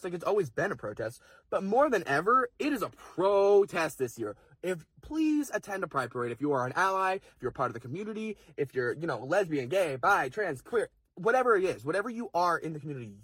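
Young male vlogger, husky and dry, rapid heated rant. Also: sits high, a bit bright, no echo. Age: young adult. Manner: fast, heated, swearing, lots of fillers. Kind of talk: impassioned casual rant to camera.

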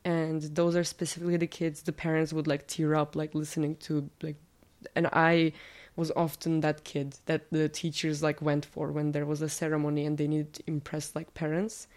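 Low-voiced, slightly nasal Turkish-speaking woman. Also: monotone, normal speed, darkish tone. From Turkey. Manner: chatty, many fillers and self-corrections. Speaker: interviewee. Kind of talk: casual interview answers.

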